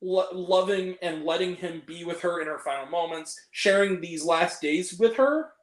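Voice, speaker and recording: A man's voice: high voice, normal speed, roomy sound. A young man hosting a casual film review chat, ranting and swearing freely as he picks apart the movies he hated. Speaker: host.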